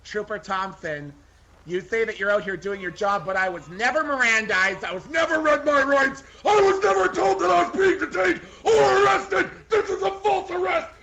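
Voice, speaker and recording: A man voicing a brash, foul-mouthed woman under arrest who shouts and argues theatrically in a game role-play. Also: moderate pace, poor audio. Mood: indignant. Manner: shrill, defiant, theatrical shouting.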